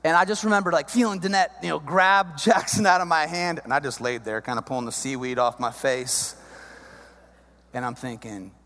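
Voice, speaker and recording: Man, 30s, comic storyteller; high, bouncy voice, long hall reverb. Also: normal speed, faint music behind. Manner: animated, chummy, addresses the guys. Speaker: comedic storyteller.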